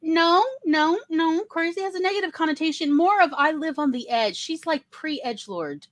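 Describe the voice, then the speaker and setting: A woman hosting a casual panel chat, talking in an animated, digressive way. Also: high voice, normal speed, no room sound. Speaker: host.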